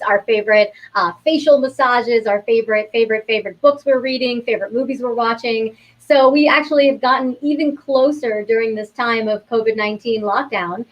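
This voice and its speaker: An actress from New York appears as an interview guest, chatting in an upbeat, casual way. Her voice is a little high, and the audio quality is poor.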